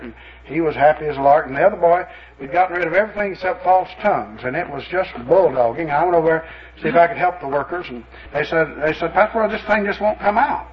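A pastor preaching in a homespun, storytelling way, full of asides and "you know." His voice sits a little high for a man. The recording sounds muffled and lo-fi. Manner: folksy, anecdotal, lots of "you know". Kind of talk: sermon storytelling.

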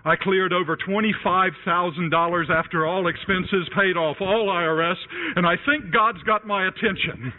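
A man preaching a sermon and telling a personal story in an animated way, raising his voice when he acts out scenes. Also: sits high, normal speed, few pauses, a little hiss or hum. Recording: tinny phone-like radio broadcast.

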